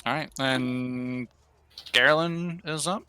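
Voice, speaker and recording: A man narrating as game master of an online tabletop game, quick and chatty, laughing easily. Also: medium pitch, bright, forceful tone, clear, resonant tone, no echo.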